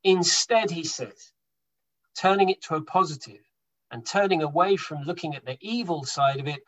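This high-side male voice moves at a moderate pace in a rough recording. He preaches a sermon to his congregation with emphasis, swelling and dropping his volume to stress key points.

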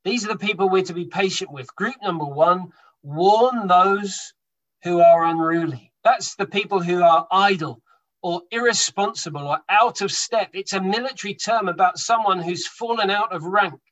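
In a rough recording, a man with a high voice preaches to his congregation at normal speed. He is emphatic, swelling and dropping his volume for stress.

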